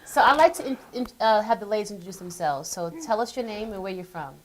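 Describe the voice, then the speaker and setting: A woman's voice: mid-range voice, expressive, quick pace, a little hiss or hum. Woman, mid-range voice, talk show host, friendly encouraging questions. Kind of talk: casual interview.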